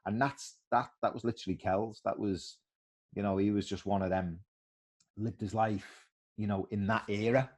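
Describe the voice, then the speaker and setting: A middle-aged man, a former footballer telling animated stories in a casual interview and acting out the voices of others. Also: on the low side, normal speed.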